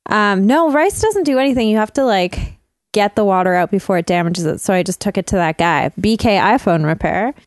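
A woman's voice: medium pitch, animated, fairly quick. A woman from Canada co-hosting a podcast, joking around in casual chat. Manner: playful, jokey. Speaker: podcast co-host.

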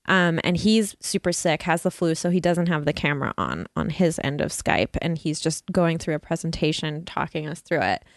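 A woman's voice: deep voice, animated, normal speed, gravelly, few pauses, dry recording, studio quality. A woman hosting a podcast, telling a story in a chatty, self-mocking way and laughing often. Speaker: podcast host. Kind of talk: casual chat.

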